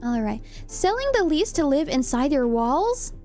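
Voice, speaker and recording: Young female streamer, high bright voice, casual and giggly chat with viewers. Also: big pitch swings, measured pace, faint music behind. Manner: giggly, chatty, reads chat aloud.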